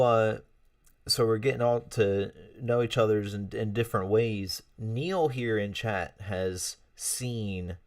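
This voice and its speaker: Man, low voice, rambling friendly livestream chat, lots of fillers, dry sound, set back from the mic. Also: no room sound, far from the mic. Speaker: livestream host. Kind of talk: casual livestream chat reading out chat messages.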